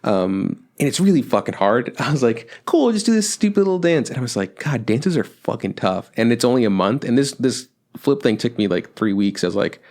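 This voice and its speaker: A man's voice: medium pitch, animated, normal speed, hardly any pauses, darkish tone. A young man chatting on a podcast, rambling with lots of fillers and swearing. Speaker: podcast co-host. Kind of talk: casual chat.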